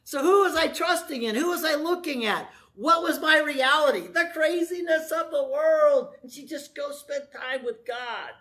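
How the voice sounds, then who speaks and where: A man's voice: very high-pitched, sharp tone. Middle-aged guy pastor preaching, jokey asides, drags out the big words. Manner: folksy, joking asides, slows to stress key words. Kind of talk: sermon.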